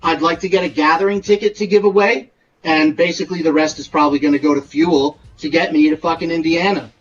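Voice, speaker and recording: High-pitched dude ranting defensively, swears a lot, far off the mic with faint music behind. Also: male voice. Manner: profane, defensive, heated. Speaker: debate guest. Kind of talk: heated podcast debate. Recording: distant, dull lo-fi mic.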